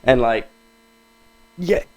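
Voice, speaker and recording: A man's voice: mid-range voice, animated, extremely slow, no echo, rough recording. A young man co-hosting a casual podcast, laid-back and slangy, telling a story about getting hurt at work. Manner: laid-back, slangy, says bro and dude. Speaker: podcast co-host. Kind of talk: casual chat.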